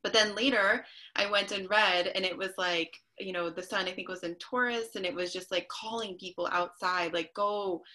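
A woman hosting a relaxed podcast conversation. Her voice is bright and clear, set at an ordinary pitch for a woman. She talks in loose, winding sentences full of "um" and "you know". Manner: warm-hearted rambling with many fillers. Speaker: podcast host. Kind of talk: casual interview chat.

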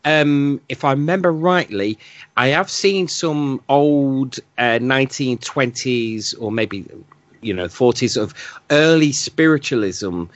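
A man from England co-hosting a podcast in casual chat, blunt and animated, often laughing. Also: mid-range voice, slow pace, dry recording, lo-fi sound. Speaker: podcast co-host.

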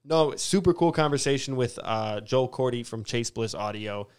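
A young man hosts a podcast in a loose, chatty way, dropping ums as he talks. His voice is smooth and clear. He keeps the conversation relaxed and casual. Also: mid-range voice, normal speed. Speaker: podcast host.

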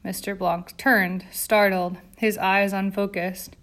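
Woman audiobook reader, mid pitch, tense dramatic narration. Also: flat delivery, moderate pace.

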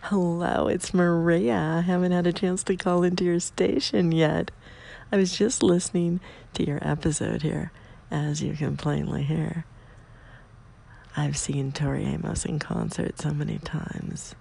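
A woman leaving an excited voicemail for a podcast host, gushing and often dropping to a whisper. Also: deep voice, a little slow, vocal fry, a little hiss or hum. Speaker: caller.

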